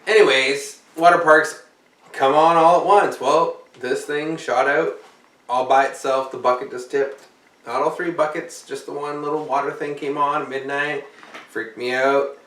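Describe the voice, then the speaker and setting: A man's voice: medium pitch, steady tone, normal speed, fairly bright tone. Tired guy rambling and swearing on his vlog, kinda far from the mic, echoey room. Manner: rambling, profane and jokey. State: tired, yawning. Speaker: vlogger.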